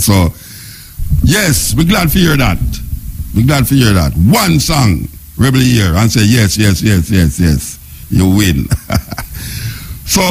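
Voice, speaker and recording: A middle-aged man with a Jamaican accent, hosting a radio show in casual, excited patois talk. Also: medium pitch, creaky, slightly rough. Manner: excited, laughing, patois chatter. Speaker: radio host. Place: radio studio.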